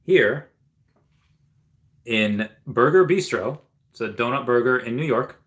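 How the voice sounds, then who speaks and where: A man's voice: mid-range voice, lively intonation, takes it slowly, a bit bright. A man hosting a casual livestream, rambling with many restarts and reading viewer comments aloud before reacting to them. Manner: rambling, with frequent restarts and fillers. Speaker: livestream host.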